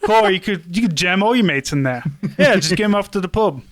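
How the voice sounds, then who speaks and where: A man's voice: high voice, lively intonation, fast talker, fairly bright tone, no echo, pitched above the performer's own voice. A man putting on a mock British accent to play a matey, boisterous soldier. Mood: jovial. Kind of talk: comedic bit on a podcast.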